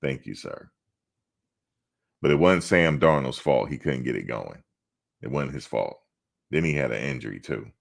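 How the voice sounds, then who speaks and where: A man's voice: rumbling low, animated, moderate pace, gravelly, pauses often. A man hosting a sports livestream, chatting casually and teasing the viewers who comment. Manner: teasing, talks back to chatters. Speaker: sports channel host.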